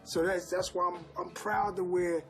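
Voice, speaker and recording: A man's voice: high-pitched, flat delivery, moderate pace, faint music behind. A man reciting rap verse and then talking bluntly and emphatically in an interview. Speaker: rapper interviewee.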